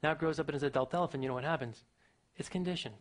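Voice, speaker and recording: A man giving a motivational talk to an audience, emphatic and full of rhetorical questions, swinging his pitch and loudness. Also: rapid-fire. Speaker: motivational speaker.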